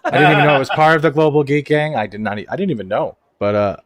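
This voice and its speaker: A man's voice: fairly high pitch, rapid-fire, no room sound. A man who is a guest on a casual panel stream, talking in a grateful, casual way. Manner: grateful, warm thank-yous, casual.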